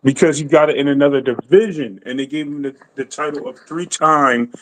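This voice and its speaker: A man's voice: on the high side, brisk, fairly bright tone, a little hiss or hum, rough recording. A man arguing his point in a casual sports debate, insistent and talking over the others.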